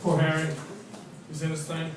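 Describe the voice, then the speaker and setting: A man doing a stand-up set, swinging from loud, profane outbursts to muttered asides. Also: fairly high pitch, completely flat delivery, normal speed. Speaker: stand-up comedian, English teacher. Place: comedy club stage before a laughing audience. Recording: echoey club, mic from far off, crowd noise. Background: laughing audience.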